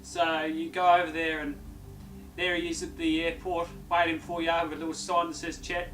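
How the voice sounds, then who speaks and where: A man's voice: on the high side, monotone, moderate pace, fairly bright tone, faint music behind, close to an everyday voice. A man doing a boastful fake-Australian madman. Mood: rambling. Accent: put-on Australian. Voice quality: blustering, rambling boasts with fillers. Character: unhinged Englishman faking an Australian bushman, boastful. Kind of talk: mockumentary improvised comedy.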